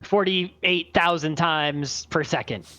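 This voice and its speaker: A man's voice: a little high, slow, bright, forceful tone, no room sound. A man co-hosting a casual tech podcast from home, walking through a technical explanation step by step. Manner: explanatory, step by step, checks in with "right?". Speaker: podcast co-host. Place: home, remote session.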